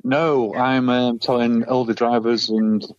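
A man's voice: mid-range voice, little pitch movement, a little slow, darkish tone. A man chatting casually on a video call with dry, understated humour. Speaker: podcast guest. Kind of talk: casual chat. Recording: crackly muffled call audio.

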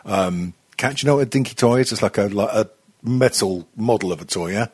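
A man's voice: on the low side, fairly quick, darkish tone, slightly rough. A man hosting a podcast, telling stories in a casual, sweary way. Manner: sweary, storytelling. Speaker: podcast host.

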